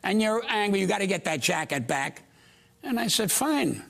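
Older New comedian, gravelly and high-pitched, brash storyteller. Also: male voice, very animated, fairly bright tone. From United States. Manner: brash, rapid anecdotes acting out voices. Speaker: comedian guest. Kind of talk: storytelling on a talk show.

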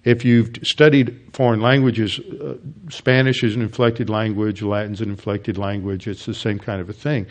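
A man teaching a Bible study class, lecturing in a halting, explanatory way with many restarts and fillers. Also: lowish voice, flat delivery.

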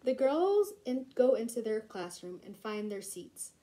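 A woman reading a children's storybook aloud in a gentle, expressive way. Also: fairly high pitch, measured pace, rough recording. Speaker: reader.

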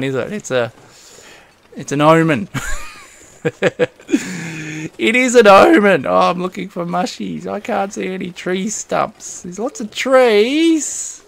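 Gamer guy narrating his playthrough, kinda high and gravelly, rambles and chuckles a lot, talks to himself. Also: a bit bright. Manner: rambling, self-talking, chuckles often. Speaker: gaming host. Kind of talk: casual let's-play commentary.

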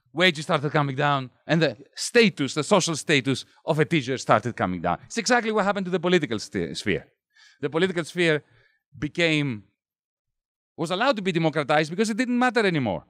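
A middle-aged man from Greece speaks at a bookstore event, his voice rising and falling in wide, lively swings as he builds his argument. He sits a touch high for a man, and the sound is close and dry, with almost no room around it. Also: moderate pace, dry recording. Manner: expressive, builds points rhetorically. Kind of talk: public talk.

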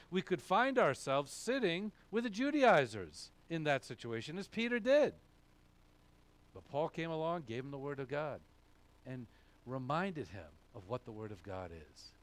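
A male pastor with a fairly high pitch preaches an emphatic sermon, posing questions and then answering them himself.

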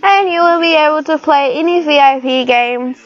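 A woman's voice: sits high, moderate pace, dull audio. A woman, chatting and giggling casually as she talks through a computer game for her channel. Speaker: gaming channel host. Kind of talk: casual screen-recorded gameplay commentary.

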